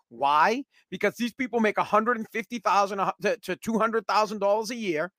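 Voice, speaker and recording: A man's voice: high voice, a bit bright, no echo. Worked-up guy ranting about politics, sarcastic, swears a lot, dry close mic. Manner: combative, sarcastic, swears, repeats words when worked up. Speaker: political commentator. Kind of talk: heated political rant.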